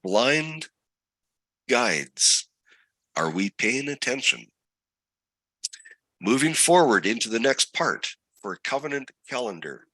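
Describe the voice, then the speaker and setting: A man's voice: medium pitch, very animated, measured pace, a bit bright, husky, no room sound, rough recording. A man teaching a scripture study lesson as a Bible teacher, asking his listeners one rhetorical question after another.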